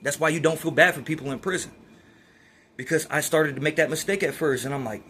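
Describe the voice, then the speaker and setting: A man's voice: mid-range voice, fairly quick, sharp tone, slight background noise. A man in his twenties casually telling a story, streetwise and slangy, acting out what others said. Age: 20s. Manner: streetwise slangy retelling with quoted dialogue.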